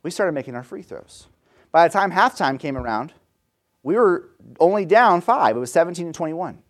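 A man's voice: on the high side, animated, normal speed. A man in his thirties preaching a sermon, telling stories in a conversational way and retelling scripture in casual slang. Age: 30s.

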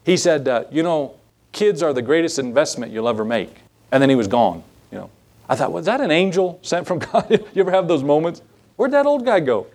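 A man's voice: medium pitch, big pitch swings, fairly quick, darkish tone. A male pastor giving a sermon, telling folksy personal stories in an earnest, conversational way, likely in a church sanctuary.

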